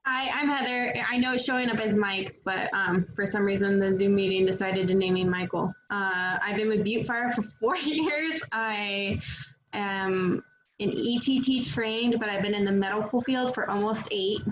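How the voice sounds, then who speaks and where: A woman's voice: medium pitch, steady tone, moderate pace. A woman firefighter introduces herself in a matter-of-fact way on a video call. Her audio is muffled, with a faint noise behind it. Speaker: firefighter student. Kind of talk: self-introduction in an online class.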